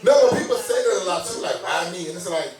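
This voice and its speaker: A man in his thirties chatting casually as a co-host, relaxed and full of slang, often asking "you know what I'm saying?". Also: high-pitched, fast talker, over music. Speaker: podcast co-host. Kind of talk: casual chat. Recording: roomy sound, mic some distance off.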